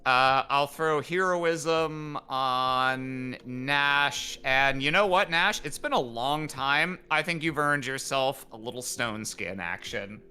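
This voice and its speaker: Bright-voiced man rambling at a game table. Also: mid-range voice, takes it slowly, few pauses, clean tone. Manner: chatty, rambling, profane. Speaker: player. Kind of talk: casual tabletop game chat.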